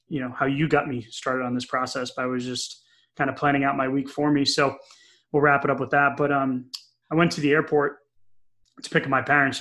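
Middle-aged male podcast co-host, chatty storyteller, mid pitch, lots of ums. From New England. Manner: chatty, animated storyteller with many fillers. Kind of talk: casual podcast chat, storytelling.

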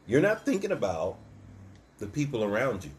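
A man co-hosting a casual faith chat, telling stories with animated quoted voices and frequent laughs. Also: medium pitch, moderate pace, a little hiss or hum. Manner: storytelling, animated, acts out quotes, laughs often. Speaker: co-host of a church podcast.

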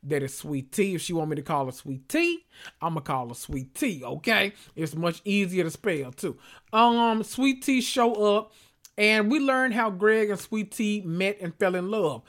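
A man's voice: high-pitched, animated, a little slow, a bit bright. A man hosting a podcast, recapping reality TV in casual, sassy, profane talk full of asides. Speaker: podcast host.

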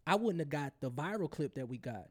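Podcast guest: St. man, animated storyteller, high voice with big swings. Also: a little fast. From St. Louis, USA. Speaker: guest, radio host. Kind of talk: casual chat, storytelling.

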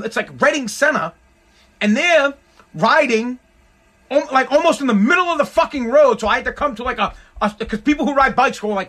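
A man's voice: high-pitched, fairly bright tone. A man hosting a solo podcast, ranting in an exasperated, heavily profane way. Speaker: podcast host.

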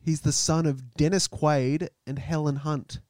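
A man's voice: on the high side, steady tone, unhurried, darkish tone, no echo. A young Australian man co-hosting a podcast, chatting in a laid-back, sweary way. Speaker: podcast co-host. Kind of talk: casual chat.

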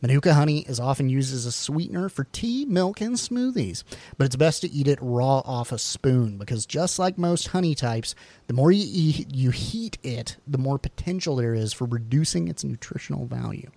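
A man's voice: medium pitch, lively intonation, moderate pace, vocal fry, mellow, no echo. Man, podcast co-host, reads facts, quips between them, dry close sound. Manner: jokey asides while reading, stumbles on words. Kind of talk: casual chat, reading facts aloud.

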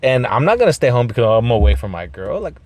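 A man hosting a podcast, telling a rambling story with lots of swearing, throat clearing and bits of Spanish. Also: mid-range voice, sing-song, fast talker, darkish tone, no echo. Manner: mixes in Spanish phrases. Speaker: podcast host. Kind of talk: casual storytelling monologue.

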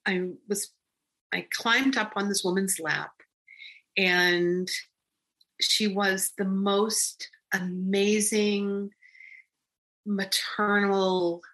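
Bright-toned woman telling a personal story. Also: medium pitch. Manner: rambling, with frequent ums and restarts. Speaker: storyteller recounting a personal experience.

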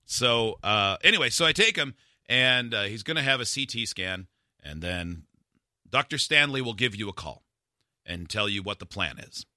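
Man, self-deprecating storyteller, bright forceful voice, dry close sound. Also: on the low side, animated, moderate pace, no echo. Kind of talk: casual storytelling chat.

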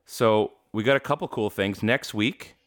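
A man co-hosting a casual sports talk show, animated and jokey, laughing often. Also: on the low side, moderate pace. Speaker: podcast co-host.

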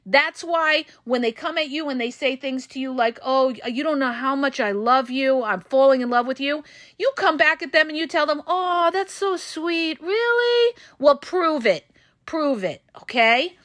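A woman podcast host and relationship coach giving blunt, profane advice straight to her listeners, her voice going hoarse. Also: high voice, fairly bright tone, dry recording, studio quality. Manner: frank, profane, emphatic, addresses listeners as "you guys". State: losing her voice.

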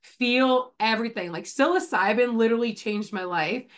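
A woman's voice: fairly high pitch, normal speed. A woman hosting a podcast in casual chat, talking with lots of filler words while coming down with a cold. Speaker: podcast host.

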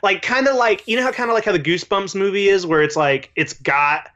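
A man co-hosting a podcast, rambling excitedly in casual chat and swearing now and then. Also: high-pitched, fairly quick, dull audio. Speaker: podcast co-host.

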